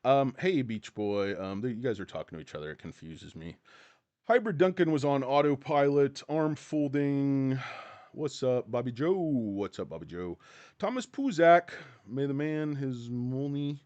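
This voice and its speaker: A man chats loosely on his live stream, drifting off topic and swearing casually while calling out viewers by name. His pitch rises and falls with a lively bounce. The sound is dry and close, with no room around it. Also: normal speed, no room sound, dull audio. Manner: rambling, profane, greets chat viewers by name. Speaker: livestream host.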